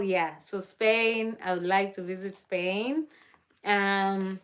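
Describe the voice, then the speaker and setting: A young woman from Kenya hosts a live stream and chats in a loose, gushing way. She laughs often, and her voice sits in an ordinary middle register. She answers viewers' comments as she goes. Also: medium pitch. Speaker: livestream host. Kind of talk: casual live-stream chat.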